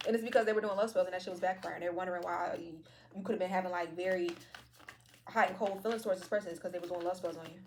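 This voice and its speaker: Woman tarot reader, casual, cussing and joking, talks fast. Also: on the low side, steady tone, darkish tone, a little hiss or hum. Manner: slangy, profane, playful. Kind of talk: casual tarot reading to viewers.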